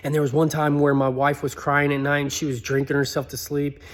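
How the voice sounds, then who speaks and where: A man telling a personal story in an earnest, pleading way, his voice climbing high when he begs. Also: little pitch movement, brisk. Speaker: motivational speaker.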